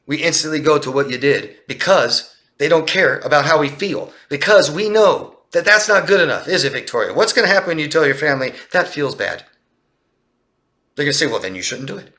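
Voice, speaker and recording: A man's voice: a little high, animated, normal speed, pauses often, sharp tone. A man answering viewer questions as a coach in a live talk, emphatic and full of rhetorical questions. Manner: emphatic, rhetorical questions, acts out quoted lines in a raised voice.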